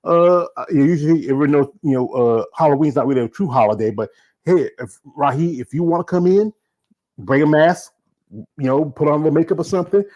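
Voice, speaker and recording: A man from the American South with a Southern accent, hosting a casual show and talking fast with lots of fillers and restarts. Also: a little high, dark tone, dull audio. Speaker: show host. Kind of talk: casual solo show wrap-up.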